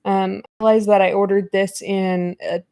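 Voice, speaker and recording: A woman in her thirties chats casually as the host of a live podcast, rambling through fillers with self-deprecating humor. Her voice sits at an ordinary middle pitch. The sound is close and dry, with no room around it. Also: flat delivery, moderate pace, mellow, no room sound. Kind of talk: casual live-stream chat. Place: home room at a computer.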